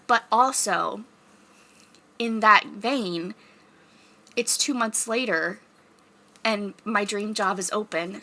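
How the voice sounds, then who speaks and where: A woman's voice: medium pitch, bright, forceful tone. A young woman, talking casually in a vlog and rambling through her plans with plenty of fillers and restarts. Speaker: vlogger.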